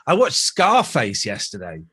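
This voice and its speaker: Animated man, bright lively voice. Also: medium pitch, a little slow, slightly rough. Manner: chatty, laughing, animated storytelling. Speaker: podcast host. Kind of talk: casual production meeting chat.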